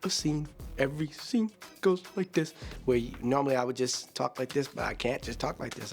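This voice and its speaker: A man, an actor, talking in a lively, joking and demonstrative way in a behind-the-scenes interview. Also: mid-range voice, moderate pace, creaky, faint music behind.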